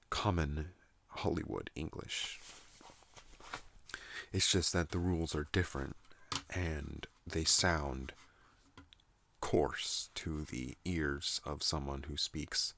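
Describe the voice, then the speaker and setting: A man hosting a soft-spoken ASMR channel, rambling at home in a soothing, unhurried monologue. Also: extremely low pitch, dry recording. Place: at home in a trailer.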